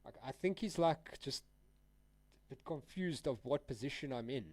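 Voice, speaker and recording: Animated yet laid-back, a young man from South Africa chats on his live trading stream in a mid-range voice at normal speed. He rambles, drops slang, and laughs often. There's no room sound.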